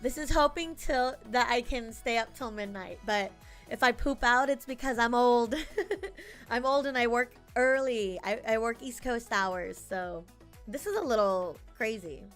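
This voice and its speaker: A woman's voice: fairly high pitch, measured pace, fairly bright tone, faint music behind. A woman streamer chatting casually with her live chat, laughing often and thanking viewers by name.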